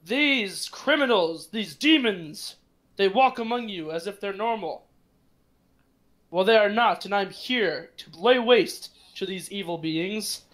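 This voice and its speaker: A man voicing a small, vengeful man in red robes who loudly accuses people of villainy. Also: high voice, animated, takes it slowly, pitched above the performer's own voice, heavily acted. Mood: accusing. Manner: declaiming, self-righteous accusations.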